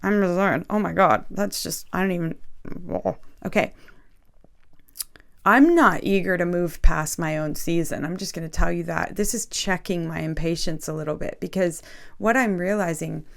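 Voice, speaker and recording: A woman's voice: fairly low pitch, moderate pace, creaky. A woman hosting a faith video, talking earnestly and emotionally straight to her viewers, often checking in with them. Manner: earnest, emotional, addresses viewers directly with frequent "okay?". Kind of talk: casual spiritual talk to camera.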